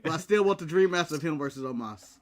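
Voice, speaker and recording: A man's voice: a little high, animated, fast talker. An American man co-hosting a casual wrestling recap show, talking bluntly and laughing often. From United States. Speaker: podcast co-host.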